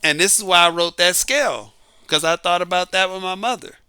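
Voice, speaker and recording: A man's voice: sits high, fairly quick, sharp tone, clear, resonant tone, no echo. A middle-aged man talking casually about dating, emphatic and full of rhetorical questions. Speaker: dating advice talker. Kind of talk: casual monologue.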